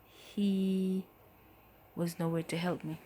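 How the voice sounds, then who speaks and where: A woman giving a personal testimony as a mother, in a soft, halting, emotional way that often trails off. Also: fairly low pitch, little pitch movement, slight background noise. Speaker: mother telling her story.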